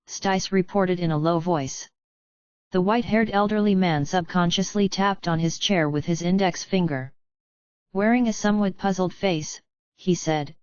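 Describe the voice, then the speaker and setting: A woman narrating a fantasy audiobook in an even, unhurried reading. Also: on the low side, clean tone, no echo. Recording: dull, lo-fi, dry.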